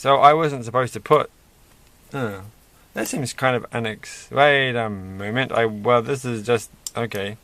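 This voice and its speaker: A man's voice: lowish voice, vocal fry, a bit bright. A man hosting a casual toy-building video, rambling and chatty with self-deprecating asides. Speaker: host.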